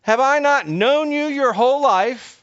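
A man's voice: extremely high pitch, lively intonation, a little slow, fairly bright tone, clear, resonant tone, pitched above the performer's own voice, heavily acted. A faithful male donkey pleads with his master, his voice lifted well above the speaker's usual register as he asks one earnest question after another, put on by a man in a sermon. It comes through a dull, lo-fi recording. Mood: pleading.

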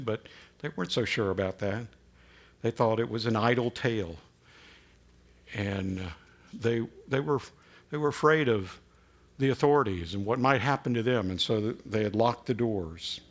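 A man pastor giving an unhurried, folksy sermon with prayer and jokes, often repeating words as he starts a sentence. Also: lowish voice, dull audio. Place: church sanctuary.

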